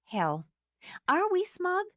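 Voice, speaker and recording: A woman's voice: very high-pitched, huge pitch swings, takes it slowly, fairly bright tone, dry recording, clean studio sound, pitched above the performer's own voice, heavily acted. A woman voicing a bold, blunt woman friend who teases and pushes. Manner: brash, pushy.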